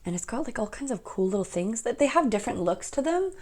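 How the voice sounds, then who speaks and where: A woman's voice: on the high side, sing-song, fast, a little mellow, slight background noise. A young woman giving a casual pick-a-card tarot reading, chatty and rambling, often laughing at herself.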